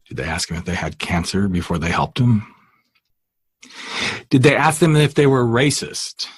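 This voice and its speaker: Man, podcast host, solo rant, rhetorical questions, deeper voice, dry sound. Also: breathy edge, no echo. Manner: emphatic, exasperated, rhetorical questions.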